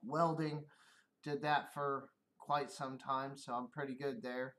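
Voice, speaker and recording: A man's voice: medium pitch, little pitch movement, slow, fairly bright tone. A middle-aged man on a casual livestream, rambling and swearing, often laughing at his own stories. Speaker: streamer.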